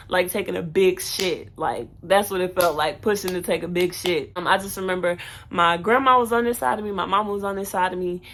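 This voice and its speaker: A woman's voice: on the low side, fairly quick, a bit bright, slight background noise. A young woman telling her own birth story in a casual storytime vlog, candid and chatty, with fillers and self-corrections.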